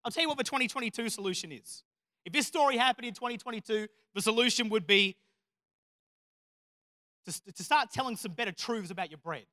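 A man's voice: very high-pitched, expressive, brisk, long pauses, pushed and bright, no room sound, clean studio sound. A man preaching a sermon, telling stories with self-deprecating humor and building to emphatic, repeated declarations. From Australia.

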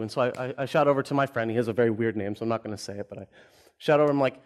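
A man's voice: medium pitch, fast. A man in his twenties, a pastor, giving a sermon with personal stories told with humor. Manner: storytelling, self-deprecating humor.

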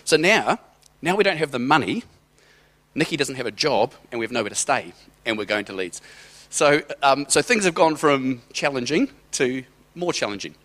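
A man's voice: mid-range voice, very animated, normal speed, fairly bright tone. A middle-aged man giving a sermon as a personal story, conversational and rambling, with hesitant restarts. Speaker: church speaker.

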